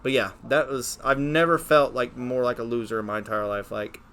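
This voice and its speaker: A man in his late thirties co-hosting a podcast, telling stories in a casual, profane, animated way. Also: mid-range voice, brisk, smooth. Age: 30s. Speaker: podcast co-host. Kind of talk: casual chat.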